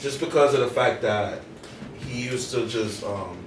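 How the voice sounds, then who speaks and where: A man's voice: medium pitch, measured pace, recorded from a distance. A young man, a podcast co-host, talking casually in loose street slang with many restarts. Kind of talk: casual chat. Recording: roomy, off-mic, faint noise.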